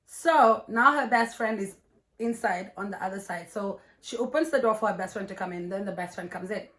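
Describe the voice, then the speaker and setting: A young woman vlogger telling a personal story in an animated, profane, laughing way. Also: medium pitch, a little fast. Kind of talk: storytime vlog.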